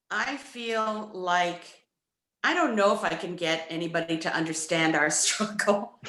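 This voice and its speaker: A woman's voice: medium pitch, pushed and bright, roomy sound. A woman actor answering a press question on a video call, hesitant and thoughtful, laughing between phrases. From United States. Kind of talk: virtual press conference answer.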